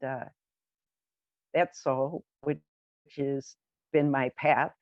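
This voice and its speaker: A woman's voice: very deep voice, mellow, dry recording. A woman guest speaker sharing personal stories in an earnest, conversational way, with many fillers. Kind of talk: personal storytelling. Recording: dry, dull lo-fi sound.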